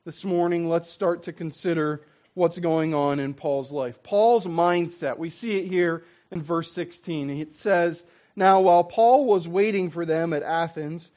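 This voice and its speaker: A man preaching a sermon as a pastor, in a lively, conversational way that acts out what people say. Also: high-pitched.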